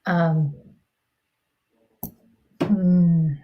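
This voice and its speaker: A woman working as a medium on a live stream, speaking haltingly with pauses and soft trailing murmurs, feeling hot and clammy. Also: lowish voice, fairly even intonation, lo-fi sound, slight background noise. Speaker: medium, co-host. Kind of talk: live-stream psychic reading.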